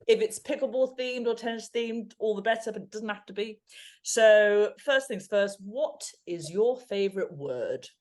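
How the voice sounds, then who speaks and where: A woman's voice: mid-range voice, animated, darkish tone. A woman in her fifties with a Home Counties English accent, co-hosting a podcast in a chatty, storytelling way and laughing easily. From England. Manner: chatty, anecdotal, quick to laugh. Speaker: podcast co-host. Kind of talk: casual chat.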